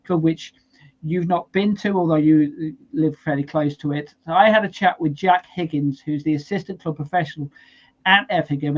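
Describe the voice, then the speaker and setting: A man with a slightly higher voice hosts a casual podcast and talks through news in a friendly, chatty way. The sound is a little dull and lo-fi. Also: a little mellow. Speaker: podcast host.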